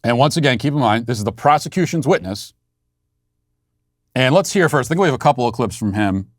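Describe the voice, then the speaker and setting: A man's voice: mid-range voice, animated, a little fast, no echo, studio quality. A man hosting a podcast, telling a story in a sardonic, mock-outraged way. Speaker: podcast host. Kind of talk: casual monologue.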